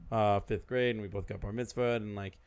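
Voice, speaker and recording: A man's voice: lowish voice, fairly even intonation, fairly quick, darkish tone, smooth. A man, a podcast guest, chatting loosely and joking, with a lot of casual swearing. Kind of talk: casual chat.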